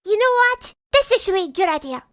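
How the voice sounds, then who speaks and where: Casting: man voicing a furious lizard girl for an audio story, very high, bright and loud. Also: big pitch swings, fast, exaggerated voice. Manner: shrill, loud ranting. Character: furious female lizard creature, shrill and ranting.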